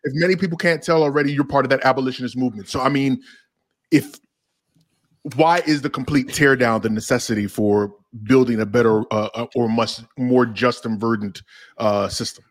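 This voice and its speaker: Male podcast host, mid-pitched, laid-back, slangy questions. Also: a little fast. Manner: relaxed, calls people man and bro. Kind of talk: casual podcast conversation.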